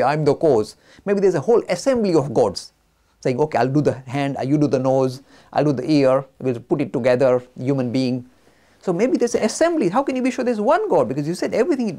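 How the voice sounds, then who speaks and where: Lively, gravelly-voiced man lecturing. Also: fairly high pitch. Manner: animated, acting out both sides of an argument. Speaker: religious studies speaker.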